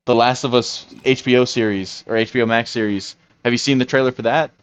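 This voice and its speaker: A man's voice: mid-range voice, steady tone, a little fast, clean tone. A man co-hosting a podcast, talking casually and rambling with frequent restarts and fillers. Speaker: podcast co-host. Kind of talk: casual chat.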